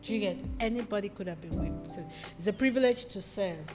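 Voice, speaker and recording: Lively Nigerian woman chatting over music. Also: medium pitch, a little fast. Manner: chatty, animated, often laughing mid-story. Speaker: interview guest. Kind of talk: casual interview chat. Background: background music.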